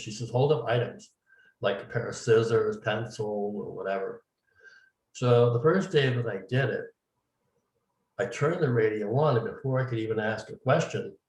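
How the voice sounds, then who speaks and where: A man being interviewed, telling his story casually and acting out the dialogue he quotes. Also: lowish voice. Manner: recounts events at length, acting out quoted dialogue. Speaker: interview guest, medium. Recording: roomy, distant mic.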